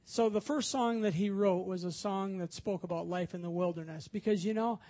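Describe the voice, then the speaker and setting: A man's voice: sits high, fairly even intonation, normal speed, a little mellow. A man preaching a sermon, telling stories and acting out quoted voices with rising emphasis. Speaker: pastor.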